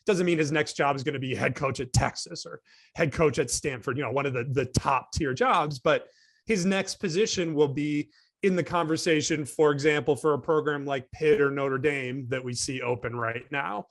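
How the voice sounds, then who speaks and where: A man's voice: a little high, moderate pace, fairly bright tone, no room sound, studio quality. A man co-hosting a casual sports panel discussion, thinking aloud in rambling sentences with many restarts. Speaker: co-host.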